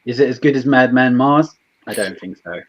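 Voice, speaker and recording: A man, a guest on a stream, chatting in an animated, rambling way with some swearing. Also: medium pitch, fairly quick, no room sound, highs cut off. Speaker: guest youtuber. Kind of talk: casual chat.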